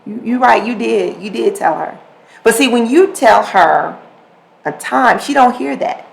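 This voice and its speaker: A woman's voice: on the high side, measured pace, vocal fry, poor audio. A woman hosting a podcast, telling a household story in casual speech, repeating her words and acting out both sides of a conversation. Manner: animated, repeats words, acts out quoted exchanges. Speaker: podcast host.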